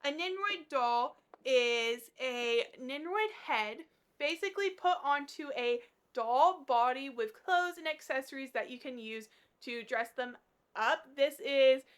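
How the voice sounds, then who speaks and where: A woman's voice: high voice, animated, a little slow, fairly bright tone, clean tone. A woman vlogging to camera in a casual, gushing way, with plenty of fillers as she shows off her collection. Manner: bubbly, gushing, filler-heavy.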